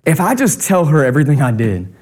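A man's voice: on the high side, sing-song, quick pace, darkish tone. Storytelling Southern preacher man. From North Carolina. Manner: conversational storytelling, humorous. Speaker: pastor. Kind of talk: sermon.

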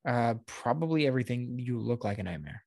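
A man's voice: medium pitch, expressive, a little fast, vocal fry, darkish tone, no room sound, studio quality. A man co-hosting a podcast who teases his partner in a sarcastic, ribbing way. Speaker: podcast co-host. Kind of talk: casual banter.

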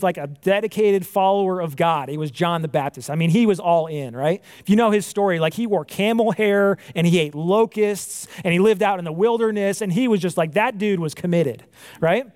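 A man's voice: fairly high pitch, darkish tone, no echo. A man giving a casual, conversational sermon. He often asks "right?" and restarts his sentences as he goes. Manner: conversational, frequent "right?" and "like", self-correcting restarts. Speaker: pastor.

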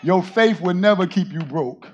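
A male pastor preaching a sermon, often shouting to his congregation and calling on them to answer. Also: high-pitched, expressive, a little slow, muffled recording, some chatter behind.

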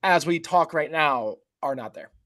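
A man co-hosting a sports podcast, leading the game preview in a relaxed, conversational way. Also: a little high, a little slow. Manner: relaxed and conversational, says "like" and "uh" a lot. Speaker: co-host running the game preview. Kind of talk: casual sports podcast chat.

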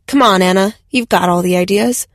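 A woman reading the part of a rough, blunt male guide who speaks gruffly and with contempt. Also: medium pitch, a little fast, no room sound, clean studio sound, natural voice. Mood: scornful.

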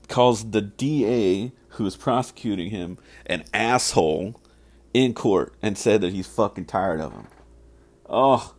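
A man hosting a solo podcast, ranting casually with heavy profanity and rambling asides. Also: on the low side. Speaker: podcast host.

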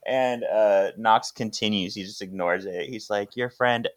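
A man's voice: lowish voice, measured pace. A man co-hosting a podcast in casual chat, reading comics aloud with plenty of laughter and playful put-on voices. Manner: laughs often, acts out lines in playful voices. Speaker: podcast co-host.

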